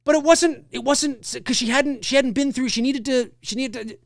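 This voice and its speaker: His voice is very high-pitched and creaky, at normal speed, as he hosts a casual livestream, rambling animatedly about a film, restarting often, using fillers and answering viewer comments. The recording is dry and studio quality.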